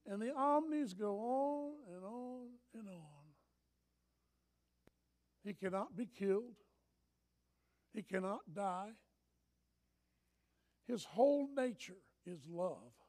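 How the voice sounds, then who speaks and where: A man preaching a sermon in an animated, impassioned way, often breaking into shouts. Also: high-pitched, takes it slowly, pauses often.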